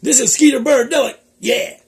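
A man voicing an excitable, forgetful male bird puppet who talks loudly, giggles and mixes up his words in comic banter. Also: extremely high pitch, normal speed, creaky. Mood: boastful.

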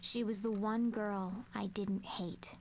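Quiet sad girl narrating a game memory, slow and half whispered, faint hiss behind. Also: medium pitch, steady tone. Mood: wistful.

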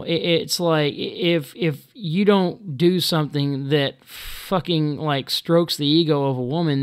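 A man talking to camera in a casual monologue, halting and full of ums and restarts, blunt and exasperated. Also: fairly high pitch, clean tone. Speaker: video blogger.

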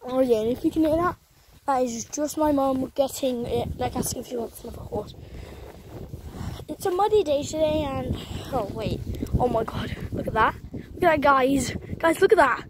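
A young woman walks along a country road vlogging into a handheld phone camera, her voice high-pitched at normal speed against noisy surroundings. Her casual talk rambles, chatty and apologetic.

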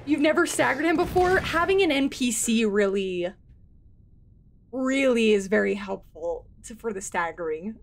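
A woman streaming a video game, giving excitable casual commentary with lots of laughing, yelps and swearing. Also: fairly high pitch, a little slow, faint music behind. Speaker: gaming streamer.

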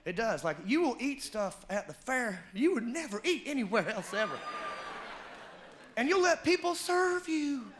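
A man with a Southern American accent performing a stand-up comedy routine, telling loud, animated stories and shouting out character voices. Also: very high-pitched, moderate pace. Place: comedy club stage before a live audience. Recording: live club recording with crowd noise. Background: audience laughter.

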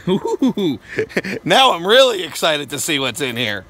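A man's voice: a little high, very animated, unhurried, heavy background noise. A man vlogging with his wife, joking, teasing and grumbling in casual family banter. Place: at home and outdoors on the street.

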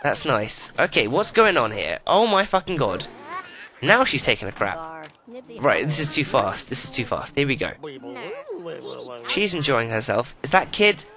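A man's voice: mid-range voice, very animated, measured pace, pauses often, a crowd in the background. A man giving profane, exasperated running commentary while playing a life-simulation video game. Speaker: let's play host.

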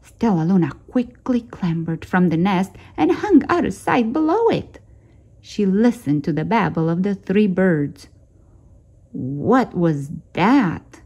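A woman hosting a storytime channel, reading a children's picture book aloud in a gentle, expressive way. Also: medium pitch, a little slow, breathy edge. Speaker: storytime host.

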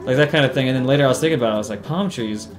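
A man's voice: mid-range voice, rapid-fire. A young man doing casual, profane, sarcastic commentary while playing a video game. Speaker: let's play host. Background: game music.

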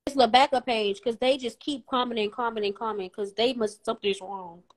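A high-voiced woman chatting on a live stream. Her talk is brash and profane, and she brushes off her critics bluntly. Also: steady tone, brisk. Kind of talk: casual live stream chat.

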